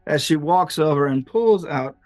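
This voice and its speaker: A man narrating as game master of a tabletop game, lively and chuckling, with many fillers. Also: fairly high pitch, moderate pace, no echo, faint music behind.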